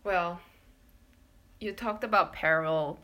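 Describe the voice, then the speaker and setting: Calm, low-voiced woman explaining things. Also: dull audio. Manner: calm, explanatory, a little halting. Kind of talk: casual chat.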